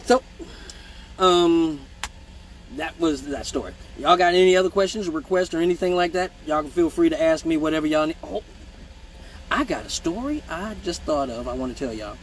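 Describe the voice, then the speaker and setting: A man spins profane childhood stories for his live audience, animated and fond of mimicking the people in them. His voice sits a bit high, and he is fighting off hiccups. A faint hum runs under the recording. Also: moderate pace, poor audio. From Michigan. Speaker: live-stream host telling stories. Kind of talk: casual storytelling.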